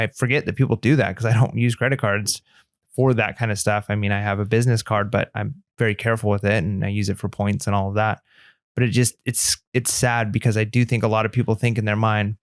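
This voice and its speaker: A man's voice: lowish voice, fairly even intonation, fast, no room sound, clean studio sound. A man co-hosting a podcast in casual chat, talking earnestly and rambling with lots of "like" fillers. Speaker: podcast co-host.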